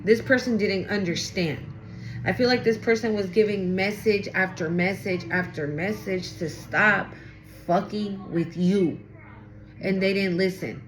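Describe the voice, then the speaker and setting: A woman reads tarot for her viewers in a loose, chatty way. She is blunt and swears freely. She talks aloud to spirit as she goes, at a middling pitch with a faint hiss behind her. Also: unhurried. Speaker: tarot reader. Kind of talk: casual tarot reading to camera.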